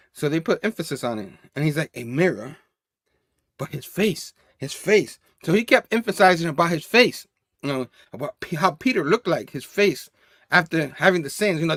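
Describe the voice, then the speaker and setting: A man's voice: fairly high pitch, normal speed, a bit bright, no echo, clean studio sound. A man casually reviewing a comic book, reading the panel dialogue aloud in a loose, chatty way with frequent laughs.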